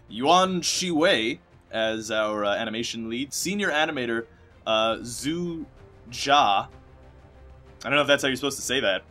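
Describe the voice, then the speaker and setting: A young man chatters through a let's play with a bright, forceful voice at an everyday pitch. He rambles and jokes, leaping into loud excited bursts and then trailing off into low mumbles, with faint music playing under him. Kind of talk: rambling gameplay commentary over credits.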